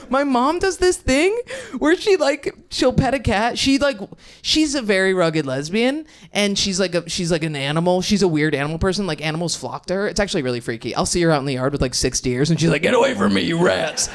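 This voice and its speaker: A woman's voice: medium pitch, animated, fairly quick. Brash, rambling young woman comic. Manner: brash, rambling, laughs through punchlines. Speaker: stand-up comedian. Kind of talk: improvised stand-up set.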